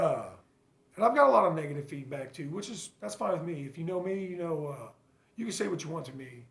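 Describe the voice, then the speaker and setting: Blunt, gravelly-voiced man in an echoey room. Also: on the high side, animated. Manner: blunt, earnest, swears freely; halting, full of fillers and restarts. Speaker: father sharing his recovery story. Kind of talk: casual personal vlog monologue.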